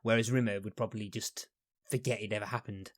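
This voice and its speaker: A man's voice: fairly low pitch, fairly even intonation, quick pace, dry recording, studio quality. A man hosting a casual podcast chat, rambling with frequent restarts. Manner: rambling, many restarts and fillers. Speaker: podcast host.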